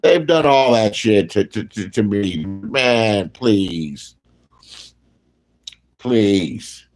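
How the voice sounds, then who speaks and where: A man speaking in a profane, casual commentary rant, his voice jumping loud and high when he mocks people. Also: expressive, extremely slow, soft background music. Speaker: online commentator.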